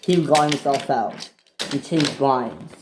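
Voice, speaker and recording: A man casually narrating a homemade toy train story in a plain, halting way, with frequent restarts. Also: mid-range voice, noisy background. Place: indoors at a toy train layout.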